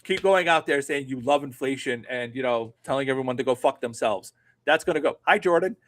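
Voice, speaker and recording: A man's voice: mid-range voice, brisk, a bit bright. A middle-aged man co-hosting a political talk show, ranting sarcastically and swearing often. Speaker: political podcast co-host. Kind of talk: casual political commentary.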